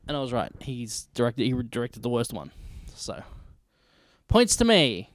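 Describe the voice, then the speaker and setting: A man's voice: mid-range voice, measured pace, a little mellow, clear, resonant tone, no room sound. A man hosting his own video, ranking films in a blunt, emphatic, profane casual rant. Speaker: vlog host ranking films.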